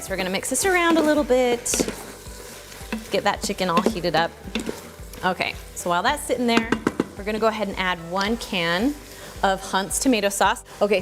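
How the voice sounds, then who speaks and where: A woman hosting a casual home cooking tutorial, chatty and relaxed, thinking aloud as she cooks in her kitchen. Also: medium pitch, background noise. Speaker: cooking channel host.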